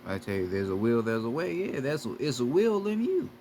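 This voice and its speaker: A man's voice: mid-range voice, sing-song, fairly quick, darkish tone, a little hiss or hum. A man giving a profane, repetitive spiritual lecture straight to his viewers as a video creator. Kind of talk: preachy lecture to camera.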